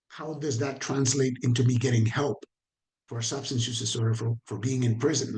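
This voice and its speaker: A man's voice: medium pitch, fairly even intonation, a little fast, darkish tone. A man leading a professional training lecture, talking conversationally, checking in with his listeners and sometimes stumbling over repeated words.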